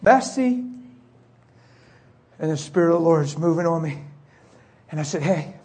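A man's voice: on the high side, animated, moderate pace, darkish tone. A middle-aged man preaching, telling an emotional personal testimony in a confessional way. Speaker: pastor.

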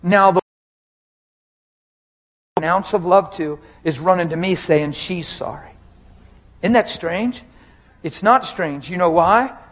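A man's voice: high voice, slow pace, long pauses, a bit bright, rough recording. A man, a pastor, preaching a personal and emotional sermon in a conversational way, often talking straight to the crowd.

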